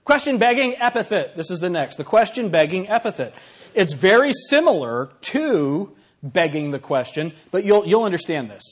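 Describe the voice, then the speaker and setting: In this classroom lecture, a man with a high, husky voice speaks at normal speed. He reads examples out loud and questions his listeners, keeping things lively and conversational.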